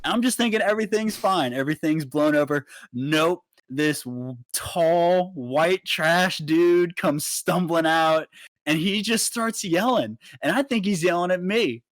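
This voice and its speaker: Animated young man telling a story. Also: on the high side, unhurried, dry recording. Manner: animated, swears freely. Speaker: podcast co-host. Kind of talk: casual storytelling.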